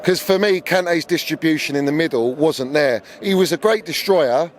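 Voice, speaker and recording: A man's voice: fairly high pitch, normal speed, a little hiss or hum. A man giving his blunt, opinionated view of a lost match as a fan being interviewed outdoors. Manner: blunt, opinionated, building to anger. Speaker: football fan guest. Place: outdoors on a city street.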